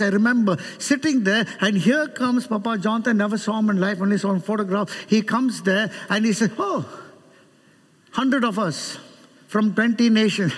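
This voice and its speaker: A middle-aged man from India preaching a sermon in a church, joking with the congregation and acting out voices. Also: high voice. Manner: animated, joking with the congregation, acts out quoted voices. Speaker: guest preacher. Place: church sanctuary. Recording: preached in a large reverberant hall.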